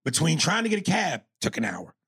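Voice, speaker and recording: Gravelly, animated storyteller man. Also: a little high, fairly quick, dry recording. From New York. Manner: animated, swears freely, acts out quotes. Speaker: podcast co-host. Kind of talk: casual profane storytelling.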